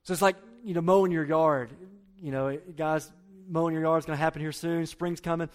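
A man preaching a sermon, emphatic, repeating key phrases and dropping to quiet low lines. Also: steady tone, a little fast. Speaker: pastor.

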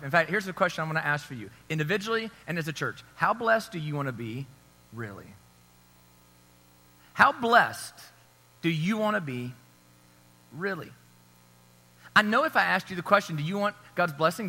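A man in his thirties preaches with a relaxed storytelling manner, often checking in with the crowd. His voice is high and very bright. It rings out in a church hall with a long reverb tail. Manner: storytelling, conversational, asks the crowd for agreement. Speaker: pastor. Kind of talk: sermon.

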